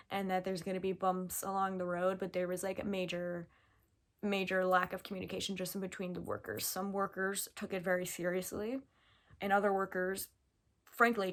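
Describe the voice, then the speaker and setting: A young US vlogger shares a personal story face to camera, reliving each moment with chatty animation and casual fillers. Her voice is mid-range, and the delivery has an unscripted, easygoing vlog quality.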